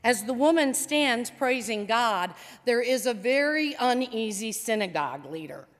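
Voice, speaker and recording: A woman pastor preaching a sermon, retelling a story with dramatic pauses in a church sanctuary. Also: fairly high pitch, expressive. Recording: long church reverb.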